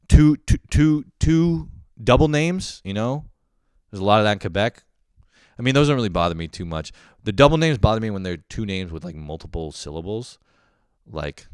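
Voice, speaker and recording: Young male podcast host, low and smooth, dry close sound, profane self-mocking rants. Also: no room sound. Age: young adult. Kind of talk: casual comedic monologue.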